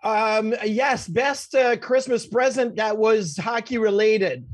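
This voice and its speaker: A man co-hosting a hockey podcast, firing off quick, chatty questions. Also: sits high, no echo. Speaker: podcast co-host. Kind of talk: podcast interview.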